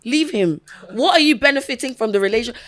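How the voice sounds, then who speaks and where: A woman co-hosting a podcast, reacting in excitable, exasperated outbursts. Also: fairly high pitch, fast. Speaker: podcast co-host. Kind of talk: casual chat.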